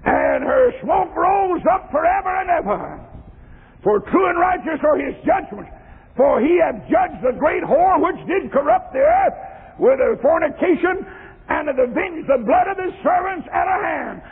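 A man preaching a sermon, rising into shouted, sung chanting with cries of praise. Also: extremely high pitch, big pitch swings, measured pace. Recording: tinny lo-fi recording in echoing hall.

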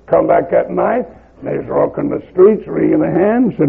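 An older man with a Southern American accent preaching a revival sermon, telling stories in a rhythmic cadence that climbs to shouts. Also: on the high side, expressive, moderate pace. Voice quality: gravelly, husky voice. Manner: rhythmic, rising to shouts at climaxes. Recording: lo-fi phone-like old tape.

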